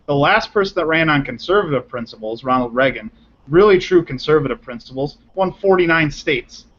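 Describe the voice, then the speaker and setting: Man, political panel, slightly high voice, argumentative, repeats points, muffled lo-fi audio. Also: animated, a little fast, fairly bright tone. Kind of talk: political discussion.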